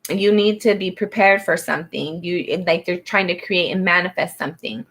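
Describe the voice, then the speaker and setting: A woman's voice: fairly low pitch, normal speed, fairly bright tone. A woman giving a casual spoken tarot reading, rambling and soothing, with many fillers as she talks. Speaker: tarot reader.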